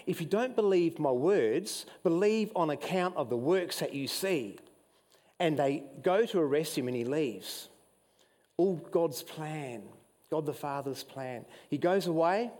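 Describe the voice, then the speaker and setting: An Australian man preaching a sermon as pastor, telling Bible stories with mounting excitement and some emotion. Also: long reverb tail. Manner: animated storytelling preacher, rising pitch when excited, admits getting emotional. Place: church hall.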